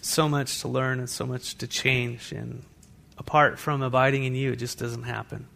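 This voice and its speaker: A man preaching a sermon as pastor to a congregation in a church, animated, with asides to the listeners. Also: mid-range voice, normal speed, vocal fry.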